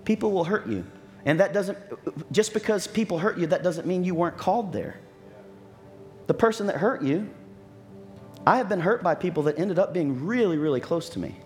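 A man preaching a sermon as pastor, telling stories and acting out what people said, with lively asides. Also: sits high, moderate pace, pauses often, faint music behind. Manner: storytelling with acted-out quotes and lively asides.

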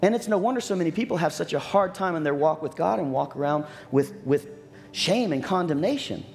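A man preaching a sermon as pastor, telling stories and acting out what people said, with lively asides. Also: on the high side, brisk, gravelly, faint music behind. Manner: storytelling with acted-out quotes and lively asides.

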